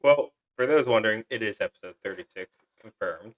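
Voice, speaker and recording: A man's voice: on the low side, a little fast, dull audio. A young man co-hosting a podcast, chatting casually and reading announcements in an upbeat, chatty way with fillers. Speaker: podcast co-host.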